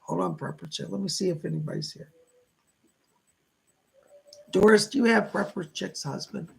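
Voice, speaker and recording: A man's voice: sits high, moderate pace. A middle-aged man doing a live psychic reading, who passes on spirit messages as quotes and keeps repeating "he said". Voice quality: gravelly. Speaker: psychic medium.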